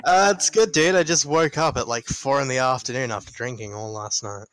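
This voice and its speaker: A man's voice: medium pitch, brisk, fairly bright tone, rough recording. A young man from Australia telling stories in casual, profane chat over an online voice call. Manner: profane, rambling storyteller. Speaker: podcast co-host.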